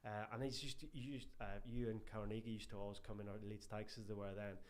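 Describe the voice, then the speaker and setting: An Irish man, a strength and conditioning coach, telling lively anecdotes as a guest in a casual interview and often calling the host "mate". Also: on the low side, fast talker. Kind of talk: casual podcast interview chat.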